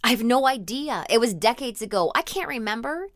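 A woman's voice: fairly high pitch, lively intonation, moderate pace, fairly bright tone, no echo, clean studio sound, voice pushed up. A woman narrator voicing a devoted older woman who pleads with her partner and fondly recalls their past. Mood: reminiscing. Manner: pleading, then tender and reminiscing. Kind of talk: audiobook character reading.

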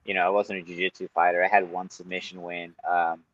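A man on a podcast, a kickboxer and Muay Thai coach, telling stories in a lively, animated way and swearing often. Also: sits low, brisk, highs cut off. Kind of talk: casual podcast chat.

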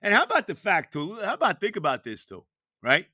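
A man's voice: sits high, huge pitch swings, brisk, bright, forceful tone, no echo, studio quality. A man in his later years hosting a sports podcast, talking casually and with emphasis, often asking rhetorical questions. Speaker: podcast host.

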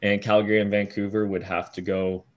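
A man's voice: on the low side, little pitch movement, brisk, muffled recording. A man co-hosting a casual hockey podcast, laying out standings and points steadily. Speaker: podcast co-host.

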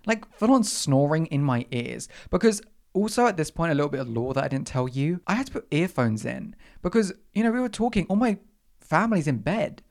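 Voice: mid-range voice, very animated, fairly quick, gravelly, a little mellow. A young adult podcast host, telling a comic story in a dramatic, chatty way with lots of asides.

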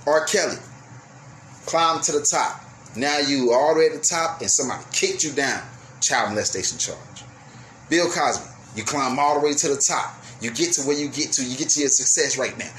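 A young man hosting a radio show, delivering a profane, heated rant that swings between yelling and apologizing. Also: medium pitch, normal speed, a little hiss or hum. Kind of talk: ranting monologue.

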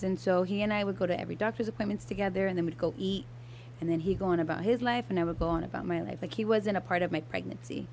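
A woman's voice: on the low side, fairly even intonation, fast talker, darkish tone, a little hiss or hum. A young adult woman telling a personal story in casual podcast chat, candid and swearing freely, with lots of fillers and restarts. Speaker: podcast guest.

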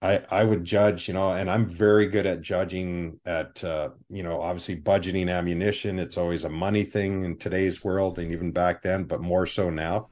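A man, a film armorer, telling animated anecdotes with voiced quotes in a live interview over a video call. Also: deep voice, normal speed, few pauses.

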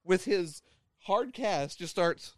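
Animated, high-voiced young man telling stories. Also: slow pace, no room sound. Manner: animated storyteller who swears freely and acts out quotes. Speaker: podcast host. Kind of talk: casual chat.

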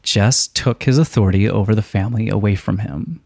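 A man co-hosting a podcast who mixes campy, wry commentary with even readings of scripture verses. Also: lowish voice, brisk, gravelly, no room sound, clean studio sound. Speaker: podcast co-host. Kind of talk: casual chat and scripture reading.

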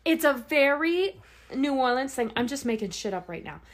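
A woman's voice: sits high, big pitch swings, moderate pace. A woman from Louisiana co-hosting a podcast, telling a rambling, profane story with frequent laughs. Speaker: podcast co-host. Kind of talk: casual chat.

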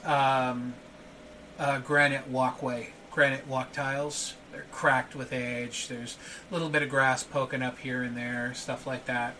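A man's voice: mid-range voice, bright, forceful tone, distant mic, slight background noise. A man narrating a tabletop game as game master, hesitant with frequent filler sounds.

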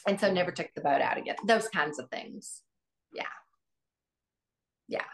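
A woman's voice: fairly low pitch, lively intonation, unhurried, creaky, fairly bright tone. A middle-aged woman, a guest on an interview, recalling family memories in an earnest, reflective way with many restarts. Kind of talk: interview, personal recollection.

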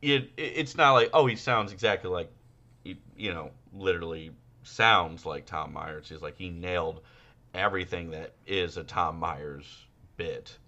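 A man co-hosting a casual podcast, laughing often and breaking into loud, high-pitched impressions. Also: a little slow, muffled recording. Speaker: podcast co-host.

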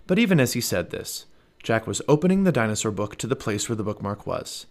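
A man in his thirties reading a children's book aloud as a podcast storyteller, expressive and animated. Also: fairly low pitch, a little fast.

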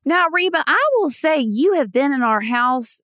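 Emphatic Southern woman, fairly high. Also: animated, normal speed, fairly bright tone, no echo, studio quality. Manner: emphatic, gushing. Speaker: guest. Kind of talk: casual podcast chat.

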